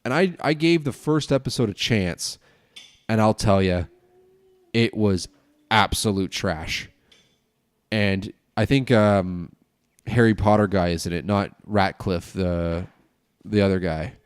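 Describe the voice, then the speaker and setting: Solo podcast host, male, lowish voice, loose and sweary, stuffed up. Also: slow pace, pauses often, clean tone, no echo. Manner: ranting, swearing, tipsy and loose. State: stuffed-up nose. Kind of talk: casual rambling solo podcast.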